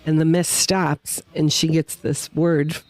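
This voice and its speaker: On a podcast taped at a winery, a woman guest witness with a low voice speaks at a slow pace about a personal experience. She tells it with feeling and animation, voicing the quotes herself, and the audio has no echo.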